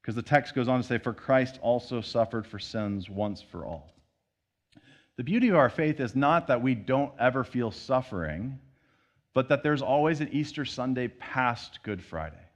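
A man's voice: mid-range voice, highs cut off. A man preaching a sermon in a conversational way, acting out everyday voices as he goes. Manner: conversational preaching with acted-out quotes. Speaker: pastor.

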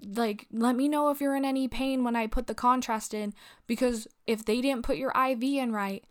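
A young woman telling a casual, profane story, acting out quotes in a lively way. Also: fairly high pitch, moderate pace. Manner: profane, animated retelling with acted quotes.

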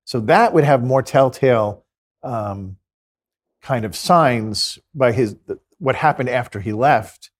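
A man's voice: medium pitch, animated, takes it slowly. A man, a Catholic priest and exorcist, talking earnestly in an interview and telling stories with quoted dialogue. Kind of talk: conversational interview storytelling.

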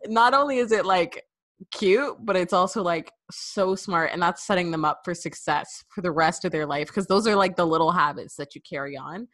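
A woman's voice: on the low side, moderate pace, fairly bright tone, no room sound, studio quality. A woman from Canada hosting a podcast, chatty and enthusiastic. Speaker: podcast host. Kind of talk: casual podcast conversation.

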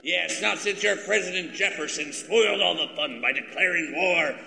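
An actor playing a cocky, menacing pirate captain with a gruff, mocking manner. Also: male voice, sits high, normal speed, reverberant, long reverb tail, over music.

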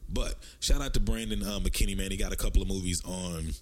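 A man with a deep voice and a Southern US accent, hosting a podcast in casual, animated storytelling chat. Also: fairly quick. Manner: animated storytelling, swings up in pitch for emphasis. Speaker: podcast host.

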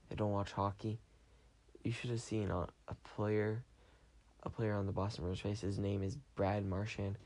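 A man's voice: on the low side, mellow. A tired young man hosting a podcast, talking in a chatty, rambling way and often correcting himself. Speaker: podcast host. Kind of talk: rambling casual monologue.

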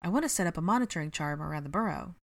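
A woman's voice: lowish voice, lively intonation, rapid-fire. A woman reading the part of a tired, stubborn young mother in a storybook reading. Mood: weary.

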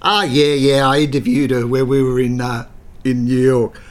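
A man's voice: a little high, expressive, moderate pace, a bit bright, voice pushed up. A man voicing a cheeky, brash man in a retold story, blunt and gleeful.

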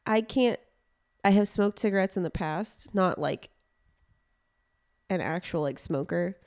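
Woman podcast co-host, sick and hoarse, naturally raspy voice, laid-back and wry. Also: lowish voice, animated, measured pace, darkish tone. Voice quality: raspy, smoker-like voice. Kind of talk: casual chat about a film.

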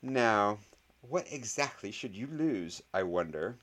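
A man voicing a smug, triumphant young schoolgirl in a read-aloud story, high and teasing. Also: lively intonation, slow, fairly bright tone, full character voice.

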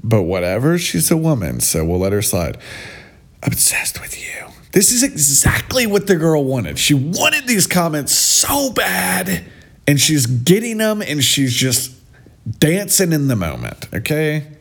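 Man, sarcastic commentary, scornful, swooping animated pitch. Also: vocal fry. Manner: mocking, scornful, drawn-out delivery. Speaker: vlogger.

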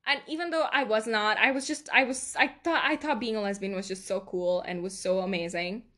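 A woman's voice: mid-range voice, brisk, bright, forceful tone. A young woman hosting a podcast, telling stories in a rambling, confessional way and laughing often. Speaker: podcast host. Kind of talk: casual confessional chat.

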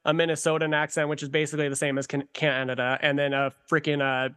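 A man's voice: a little high, level tone, quick pace, bright, forceful tone, smooth. A man guesting on a podcast, chatting playfully and hamming up mock accents. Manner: playful, hams up mock accents, laughs a lot. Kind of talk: casual chat.

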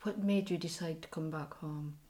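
A woman's voice: deep voice, steady tone, normal speed, mellow. A woman interviewer asking probing, lightly teasing questions.

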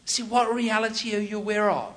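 A man preaching to a live audience, telling stories in an animated way and acting out the voices. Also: high-pitched, fairly quick. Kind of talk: sermon with storytelling.

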